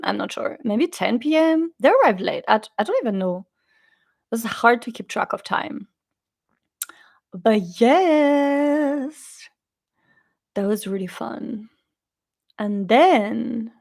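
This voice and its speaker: Young female vlogger, casual and chatty, lively storyteller, slightly high pitch. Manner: chatty, animated storytelling with quoted voices. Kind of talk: casual chat.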